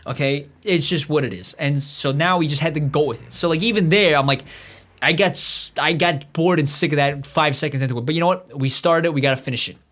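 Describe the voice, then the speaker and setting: A man's voice: fairly high pitch, a little fast, a bit bright. A man hosting a comedy podcast, rambling through a profane monologue with many restarts. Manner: acts out quoted voices in his own voice. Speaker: podcast host.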